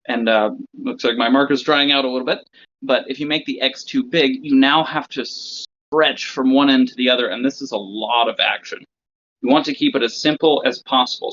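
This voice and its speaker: The recording is slightly dull and lo-fi, with a little hiss or hum, as a man with a mid-range, somewhat bright voice lectures other magicians. He breaks a routine down step by step and checks in with his listeners along the way.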